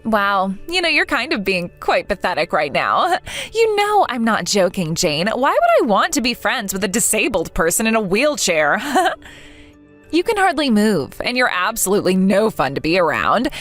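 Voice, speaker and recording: A woman's voice: mid-range voice, a bit bright. A woman voicing a cruel young woman in a text-message story, scornful and taunting, a fake friend. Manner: scornful and taunting, laughing at others.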